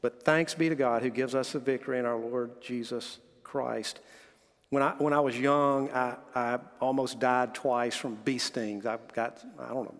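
A man's voice: mid-range voice, fairly even intonation, moderate pace, in a large hall. A man delivering a sermon as pastor, earnestly preaching, telling stories and reading scripture aloud.

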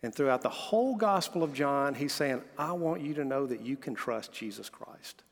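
A man's voice: mid-range voice, expressive, moderate pace, big-room sound. A man delivering a sermon as pastor, earnestly preaching, telling stories and reading scripture aloud.

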